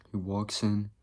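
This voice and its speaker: Guy ranting on his vlog, swears a lot, drifts off topic, kinda low voice. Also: darkish tone, breathy edge. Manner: rambling, profane, jumps between topics. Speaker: vlogger. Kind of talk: rambling comedic monologue.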